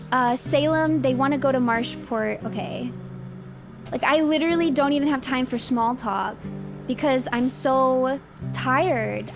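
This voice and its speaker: A young woman streaming a game, chatting casually and exclaiming in flustered bursts. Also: sits high.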